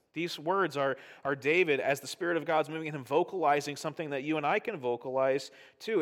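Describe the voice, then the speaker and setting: Animated middle-aged male pastor preaching. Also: mid-range voice. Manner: conversational, animated, keeps asking "right?". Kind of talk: sermon.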